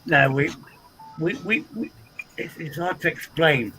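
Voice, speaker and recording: A man with an English accent hosting a casual livestream chat, animated and swearing freely with frequent repeats. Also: a little high, a little slow, soft background music, low-quality recording. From England. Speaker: livestream host.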